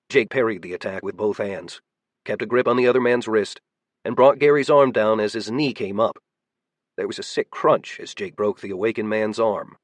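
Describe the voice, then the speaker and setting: A man narrating an action audiobook in a brisk, animated storytelling manner. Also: mid-range voice, no echo.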